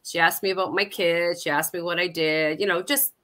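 A woman's voice: on the low side, steady tone, fairly quick, bright, forceful tone. Candid middle-aged woman telling her story. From Canada. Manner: candid, personal storytelling with frequent self-corrections. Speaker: guest, Alzheimer's support coordinator. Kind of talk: conversational interview.

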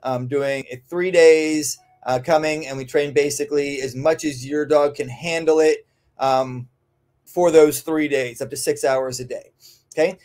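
Male dog trainer for a podcast Q&A, slightly high-pitched, loose and conversational with lots of "um" and "right?". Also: fairly even intonation, measured pace, darkish tone. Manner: conversational, frequent "um" and tag "right?". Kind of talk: podcast Q&A, answering listener questions.

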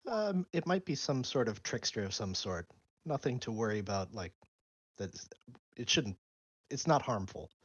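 A man's voice: medium pitch, sing-song, moderate pace, dry recording, muffled recording. A man playing a tabletop game, speaking tentatively about his character's actions. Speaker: player.

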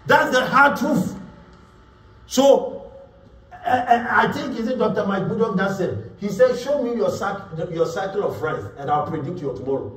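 A man's voice: high voice, expressive, normal speed, a bit bright. A man preaching a sermon as pastor, emphatic, repeating words and acting out quotes. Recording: echoey room, voice from far off.

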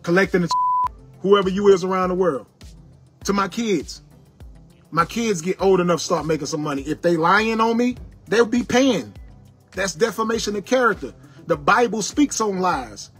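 High-pitched and husky yet fairly bright, this man's voice has lively intonation and a normal speed, with faint music in the background. He is an internet personality angrily lecturing viewers, his preachy monologue circling back to the same sermon-like warnings.

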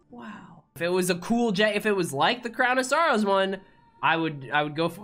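A woman streaming a game, reacting in an excitable, profane way. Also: medium pitch, normal speed, soft background music.

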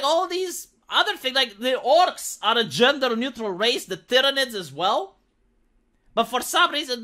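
A commentary channel host rants sarcastically, giving his opinions and stuffing his speech with "like." His voice is extremely high, pushed and bright.

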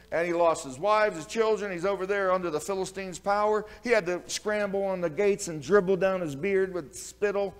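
A pastor preaching a sermon, telling folksy stories, laughing at his own tales and swinging from quiet asides to loud, emphatic preaching. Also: high voice.

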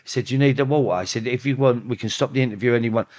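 A man, a podcast guest telling a long story in casual chat. He swears freely and acts out what others said. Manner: swearing, quotes others in rapid back-and-forth; animated, rising in pitch when quoting.

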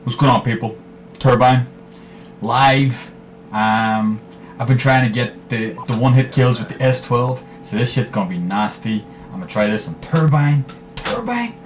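A man giving live commentary over his own shooter gameplay, swearing freely and trash-talking in bursts of excitement. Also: mid-range voice, moderate pace, faint music behind. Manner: profane, excitable trash talk. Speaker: gaming commentator.

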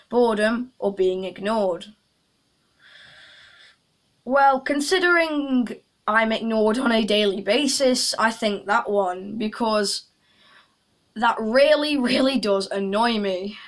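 A young woman chatting casually in a vlog, making jokey asides to viewers. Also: a little high. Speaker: YouTuber.

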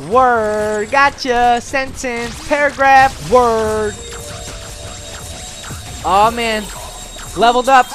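An excitable dad narrates a video game run while coaching his son. He swings between low asides and loud yelps when things go wrong. Game music sits faintly underneath. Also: extremely slow, long pauses. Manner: animated, yelps and shouts at setbacks. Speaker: gameplay video host, dad. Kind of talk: excited let's-play commentary.

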